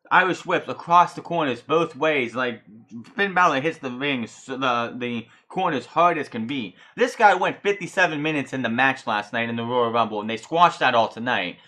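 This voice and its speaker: A man reviewing wrestling on a casual solo podcast, his voice bright and forceful. He rants with heavy swearing and often trips over words and restarts them. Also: mid-range voice. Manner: ranting, profane, heated.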